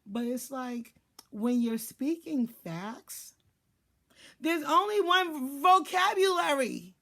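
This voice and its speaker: A woman's voice: sits high, expressive, slow pace, vocal fry, a bit bright. A woman giving casual life advice in a blunt, profane monologue, acting out what people say. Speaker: life and spiritual advisor.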